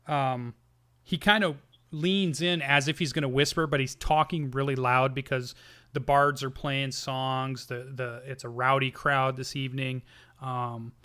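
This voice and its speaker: A man running a tabletop game, telling the scene with a bright, forward voice. He rambles and restarts mid-sentence in lively, animated narration. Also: medium pitch, clear, resonant tone. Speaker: game master.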